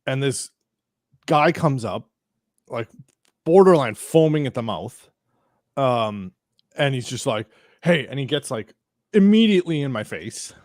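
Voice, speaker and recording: A man's voice: mid-range voice, animated, measured pace, long pauses, a little mellow, no echo. Rambling storytelling man, dry close mic. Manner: rambling anecdote with acted-out quotes, frequent likes and restarts. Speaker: podcast host. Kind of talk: casual chat, storytelling.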